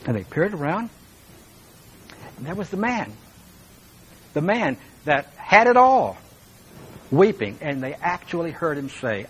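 A man's voice: a little high, big pitch swings, moderate pace, long pauses, fairly bright tone, slight background noise, low-quality recording. A man preaching a sermon as pastor, speaking earnestly and with emphasis, and turning now and then to talk straight to his listeners.

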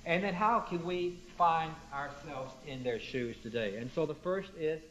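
Male pastor mid-sermon, higher-pitched, punchy emphasis, questions to the congregation; captured in dull, lo-fi sound. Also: a little slow, fairly bright tone.

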